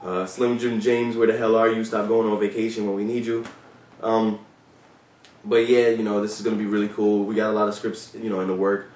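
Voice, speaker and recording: A man's voice: on the low side, little pitch movement, fairly quick, a little mellow, recorded from a distance, a little hiss or hum. A man who is a former police officer tells stories in a casual, loose vlog style. He swears freely and fills his talk with "you know" and "like.". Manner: loose and profane, with many fillers. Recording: roomy sound from away from the mic.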